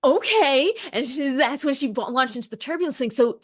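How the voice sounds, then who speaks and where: Excited, laughing woman telling stories. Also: high-pitched, quick pace. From United States. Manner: excited, laughing, animated storytelling with quoted voices. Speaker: podcast guest, meteorologist. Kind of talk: casual conversation.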